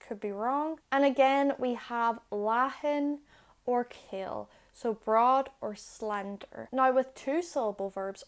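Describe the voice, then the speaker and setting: A young woman explaining grammar step by step, patient and clear, in a video lesson. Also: fairly high pitch. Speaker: Irish language teacher.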